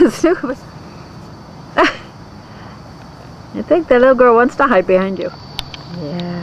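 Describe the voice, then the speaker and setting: A high-voiced woman coos at her dogs while filming a home video outdoors. Her voice swoops up and down in sing-song baby talk, slow and coaxing, picked up by a camera mic with faint noise behind. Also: animated. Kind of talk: home video, talking to pets. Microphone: handheld camera mic.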